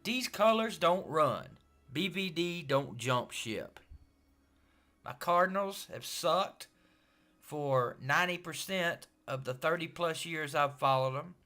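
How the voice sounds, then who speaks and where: A middle-aged man ranting in a put-on gruff tough-guy voice, profane, boastful and loud, trash-talking a rival fan in a video. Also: fairly high pitch, expressive, takes it slowly. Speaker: sports fan vlogger.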